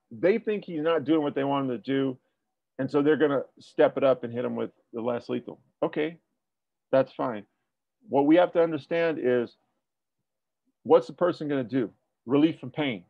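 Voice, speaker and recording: Gravelly-voiced man explaining police tactics. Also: a little high, no echo, lo-fi sound. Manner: explanatory, asks rhetorical questions. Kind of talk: spoken training debrief.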